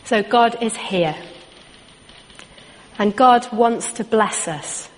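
A woman preaches slowly in a church, her words unhurried and deliberate. She builds her points with a steady, repetitive cadence, and a long reverb trails her voice through the hall. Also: fairly high pitch. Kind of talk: sermon.

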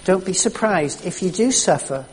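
A preacher delivering a sermon with slow, emphatic storytelling. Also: medium pitch, lively intonation, a little mellow, slight background noise. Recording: echoey hall reverb.

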